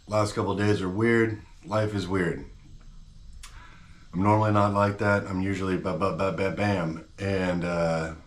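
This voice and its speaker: A man's voice: low-pitched, echoey room. A man hosting his own channel, talking straight to camera in a blunt, slangy, fired-up rant. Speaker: channel host.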